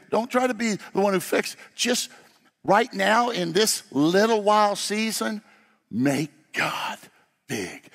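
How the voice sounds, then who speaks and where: A man preaching at a slow, deliberate pace, his fairly high voice carrying through a large sanctuary with a long reverb tail. He swings between loud, emphatic declarations and quiet, low passages. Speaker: pastor. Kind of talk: sermon.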